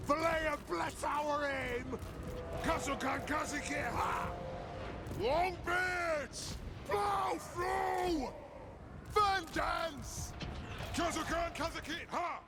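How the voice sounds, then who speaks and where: A man voicing gruff male dwarf soldiers who bark short battle cries, as video game unit voice lines. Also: very high-pitched, extremely slow, full character voice. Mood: shouting commands. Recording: loud battle noise behind.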